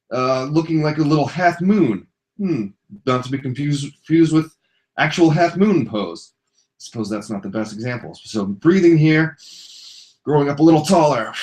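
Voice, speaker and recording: A young man talks a viewer through a short yoga routine from the floor. His delivery is relaxed and jokey, slipping in goofy asides between breathing cues. His voice sits at an ordinary middle pitch. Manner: jokey, loose and playful, with silly asides. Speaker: yoga instructor. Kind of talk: casual yoga class instruction. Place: indoors on a floor.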